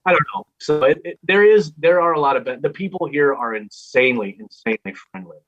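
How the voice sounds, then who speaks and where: A radio host with a Minnesotan accent appears as a guest in a casual interview, rambling and laughing often. His voice is a little high, animated, fairly quick and fairly bright, captured in dull lo-fi remote audio.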